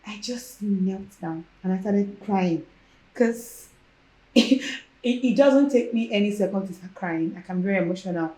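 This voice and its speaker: A woman's voice: medium pitch, a little slow. A young woman with a Nigerian accent, a podcast guest who tells her personal story casually and acts out the lines of the people in it. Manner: animated, acts out quoted dialogue. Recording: roomy echo.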